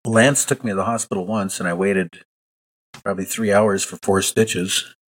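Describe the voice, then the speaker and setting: Deep, husky-voiced man. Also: fairly even intonation, normal speed. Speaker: guest, retired wrestler. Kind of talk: casual chat.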